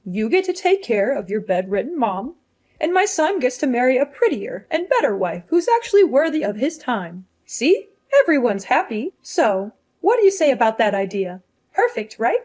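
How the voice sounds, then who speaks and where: A woman voicing a cruel, scornful middle-aged mother-in-law in an animated story, talking down with mocking condescension. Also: a little high, moderate pace. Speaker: fiancé's mother.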